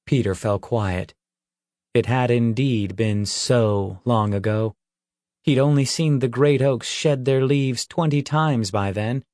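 A man reading a fantasy novel aloud as an audiobook narrator, with measured storytelling. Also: medium pitch, a little mellow, no echo, studio quality. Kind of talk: scripted narration.

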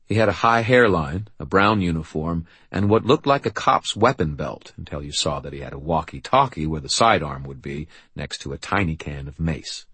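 A man narrating a novel in the first person with a dry, wry, deadpan delivery. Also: rumbling low, moderate pace, hardly any pauses, husky, no room sound. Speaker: audiobook narrator.

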